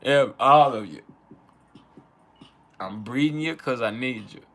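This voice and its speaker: A man's voice: medium pitch, measured pace, a bit bright, slight background noise. A young man hosting an astrology channel, talking casually and profanely, laughing often and acting out heated arguments in his own voice. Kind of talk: casual unfiltered chat.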